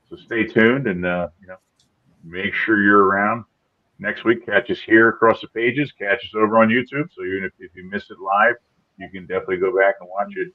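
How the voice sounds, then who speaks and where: Upbeat low-voiced man hosting a show. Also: narrow, tinny audio. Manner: upbeat, rambling with restarts. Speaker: podcast host. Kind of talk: casual live-show chat.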